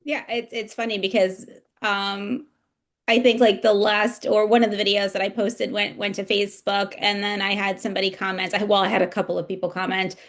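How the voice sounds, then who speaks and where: A woman's voice: mid-range voice, little pitch movement, brisk. A woman hosting a podcast, chatting casually in a rambling, enthusiastic way full of filler words. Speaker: podcast host.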